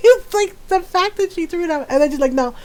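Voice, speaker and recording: High-voiced woman telling a funny story. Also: quick pace. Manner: animated, laughs often between lines; repeats filler words like "right" and "like". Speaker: live game streamer. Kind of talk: casual storytelling chat.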